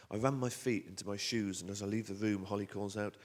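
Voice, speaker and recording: A southern English man reads his own novel aloud on stage, with a somewhat low voice. His storytelling is animated and wry, building tension while slipping in dry asides to the audience. The delivery is a lively live reading. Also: fast talker. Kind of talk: expressive reading of a novel excerpt. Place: theater stage at a bookstore event.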